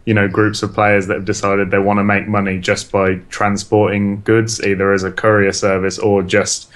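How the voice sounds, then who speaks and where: A man's voice: lowish voice, monotone, normal speed. Chuckling man. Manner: thinks aloud with frequent chuckles. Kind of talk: casual chat.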